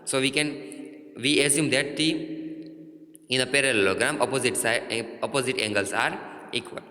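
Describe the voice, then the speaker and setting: A man with an Indian English accent teaching a maths lesson, halting and repeating himself with many fillers. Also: medium pitch, pushed and bright. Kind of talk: classroom lesson. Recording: roomy echo, long reverb.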